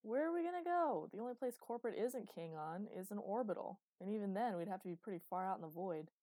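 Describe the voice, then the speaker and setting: A woman's voice: fast talker, dark tone, no echo, close to an everyday voice. A woman voicing a flippant young male pilot, speaking in a raised, breezy tone. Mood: puzzled. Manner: breezy, joking, higher pitched.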